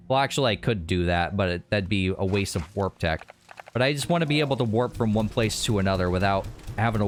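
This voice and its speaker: A man hosting a gaming video, talking his game through casually and thinking aloud. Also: lowish voice. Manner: relaxed, thinking aloud, with restarts and laughs.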